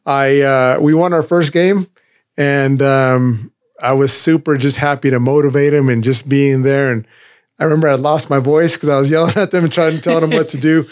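A man's voice: mid-range voice, steady tone, normal speed, dry recording, studio quality. A middle-aged man in casual chat, rambling and restarting his sentences as he tells stories.

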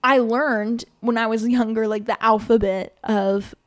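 In her own casual solo podcast, an American woman in her twenties speaks unhurriedly with a fairly high pitch and fairly even intonation. Her manner is earnest and chatty, sprinkled with "like" and restarts.

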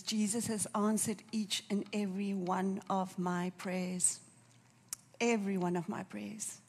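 Lady preaching a sermon, runny nose, leans on repeats for emphasis, middle pitch. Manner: emphatic, repeats key phrases.

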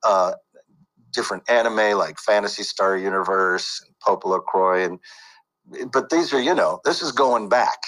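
A man's voice: fairly low pitch, moderate pace, fairly bright tone, poor audio. A man who works as a voice actor and coach, talking casually in an interview with many fillers and restarts.

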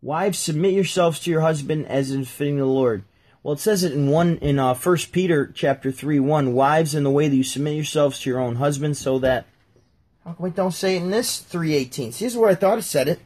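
A man's voice: fairly high pitch, fairly quick, darkish tone. A man hosting a casual talk, reading Bible verses aloud and joking about them as he goes. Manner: jokey, talks while flipping through pages. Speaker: podcast host reading scripture.

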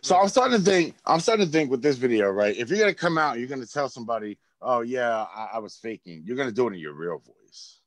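A man's voice: mid-range voice, big pitch swings, quick pace, no echo. A man hosting a podcast in casual chat, thinking aloud with restarts and the odd swear. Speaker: podcast host.

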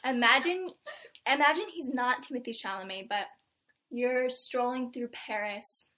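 A woman's voice: fairly high pitch, measured pace, sharp tone. A young woman hosting a casual podcast chat, telling stories with dramatic flair. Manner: chatty, dramatic storyteller. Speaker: podcast host.

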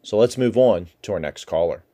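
A man's voice: fairly low pitch, animated, brisk, warm tone. A man hosting a podcast, talking casually and rambling a little, with frequent restarts. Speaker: podcast host.

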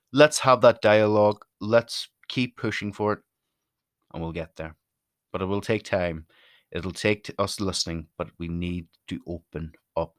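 A man's voice: sits low, a bit bright, no room sound, studio quality. A chatty, self-deprecating Irish man rambling through his opinions in a casual monologue. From Ireland.

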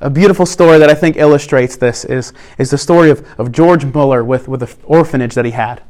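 A man preaching a sermon in an earnest way, slowing down to stress key points. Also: medium pitch, a little mellow. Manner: earnest preaching, slows down for emphasis. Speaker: pastor.

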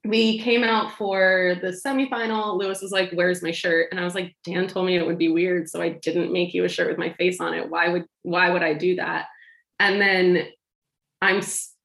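A woman with a slightly low voice tells a rambling story, animated, laughing and acting out the lines of the people in it. Her voice rings in a roomy space. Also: normal speed, creaky. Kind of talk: casual storytelling chat. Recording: roomy echo.

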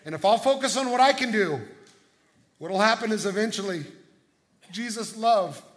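A middle-aged man preaching a sermon as pastor, telling stories in a conversational way with quick restarts. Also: high voice, animated, fairly bright tone.

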